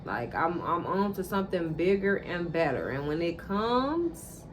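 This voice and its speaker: A woman telling a personal story straight to her viewers in a casual, animated and profane monologue. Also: lowish voice, a little slow, over music. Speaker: vlogger.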